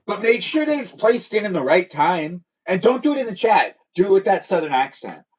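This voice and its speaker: A man's voice: high voice, big pitch swings, fairly quick, breathy edge, far from the mic, low-quality recording. A young man hosting a casual livestream, rambling with many fillers and restarts. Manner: rambling, hesitant, lots of fillers. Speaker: livestream host.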